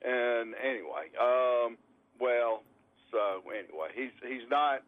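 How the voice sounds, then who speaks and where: A man's voice: mid-range voice, expressive, slow, no echo. Rambling man calling in on a tinny phone. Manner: rambling, repeats words, wry. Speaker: caller. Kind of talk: casual chat on a call-in show.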